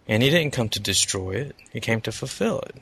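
A man in a faith discussion who speaks in an earnest, halting way. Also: mid-range voice, expressive, gravelly, fairly bright tone, breathy edge.

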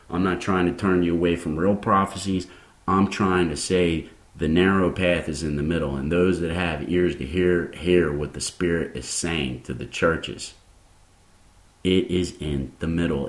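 A man delivering a sermon in a very low, deep voice. He speaks casually to his listeners and turns fired up and forceful as he presses his point. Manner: grows impassioned and fired up. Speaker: preacher.

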